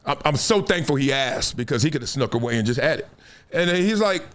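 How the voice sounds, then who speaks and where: A man hosting a casual commentary show, telling animated stories and acting out quotes. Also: mid-range voice, fast talker. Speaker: show host.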